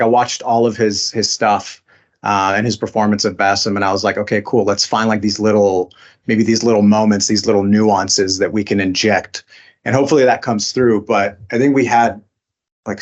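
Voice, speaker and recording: A man's voice: lowish voice, dull audio. A man being interviewed as a voice actor, talking casually with many fillers and restarts. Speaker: voice actor guest.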